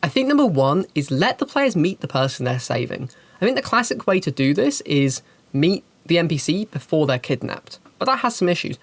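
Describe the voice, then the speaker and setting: Animated woman giving tabletop game advice. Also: low-pitched, a little fast, husky, dry recording. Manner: animated, chatty, emphatic. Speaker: game master and channel host. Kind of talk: casual advice talk and storytelling.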